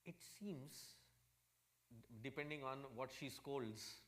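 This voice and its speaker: A man with an Indian accent, a swami giving a satsang talk in a humorous, animated storytelling manner. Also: mid-range voice, takes it slowly. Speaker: swami, spiritual teacher.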